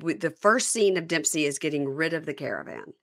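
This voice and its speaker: A woman's voice: sits low, lively intonation, brisk, fairly bright tone. A woman hosting a podcast in a casual, sarcastic chat, sometimes reading an ad. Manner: chatty, sarcastic, mimics people. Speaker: podcast host.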